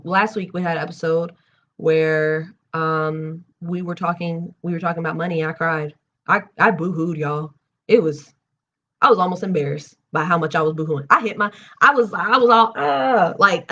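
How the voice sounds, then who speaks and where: A young woman hosting a live reading stream, reading a book aloud and breaking off into candid, animated personal asides. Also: on the low side, lo-fi sound. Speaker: host reading books aloud on a livestream. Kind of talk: reading aloud and casual chat.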